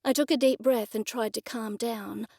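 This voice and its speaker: A woman narrating a first-person cozy mystery audiobook in a measured, expressive storytelling manner. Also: fairly high pitch, creaky, dry recording, clean studio sound.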